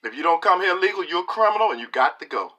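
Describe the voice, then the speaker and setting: A man's voice: high voice, expressive, fast talker, sharp tone, lo-fi sound. A middle-aged man giving a preachy, emphatic political monologue to camera, talking colloquially and repeating lines for punch. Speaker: political video commentator.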